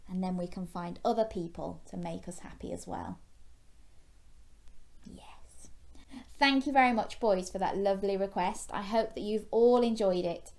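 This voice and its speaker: A woman reading a bedtime story to young children, gently asking them questions along the way. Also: medium pitch.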